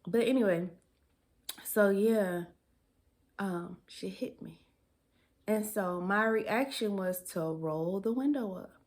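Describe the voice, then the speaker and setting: A woman's voice: mid-range voice, slow pace. A young woman telling a personal story in a casual, chatty way, laughing often and using dialect grammar. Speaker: storytime vlogger.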